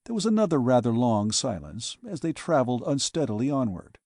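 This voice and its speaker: Man, audiobook narration, measured delivery, mellow tone, dry close mic. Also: medium pitch, sing-song, no echo. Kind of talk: scripted narration.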